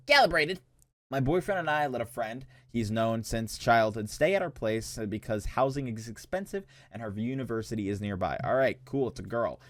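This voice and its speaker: A man's voice: mid-range voice, dry recording. A young man reading posts aloud and reacting in a laid-back, slangy, joking way, laughing often. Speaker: reaction streamer. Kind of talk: casual reaction commentary.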